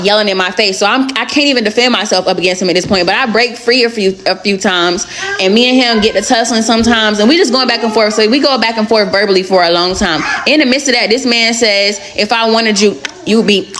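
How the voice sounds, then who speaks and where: Young woman, storytime vlog, candid and slangy, average pitch, plain delivery. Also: fast talker. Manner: candid, slangy, blunt retelling.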